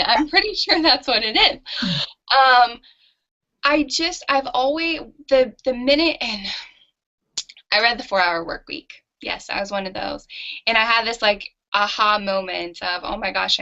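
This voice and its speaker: A woman's voice: medium pitch, gravelly. A woman entrepreneur guest telling her story in a candid, self-mocking interview. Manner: animated and self-mocking, with laughs. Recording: dull lo-fi audio.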